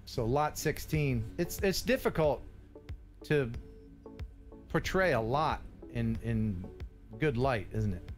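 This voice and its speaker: A man's voice: mid-range voice, animated, slow, pauses often, soft background music. A man hosting a casual live stream about drones, joking and teasing his co-host, laughing often. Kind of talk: casual chat.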